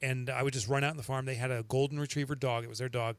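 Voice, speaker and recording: A man from the Northeast United States hosting a podcast, telling stories in an animated, laughing way. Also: medium pitch, rapid-fire, clean tone, no echo. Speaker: podcast host. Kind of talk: casual storytelling chat.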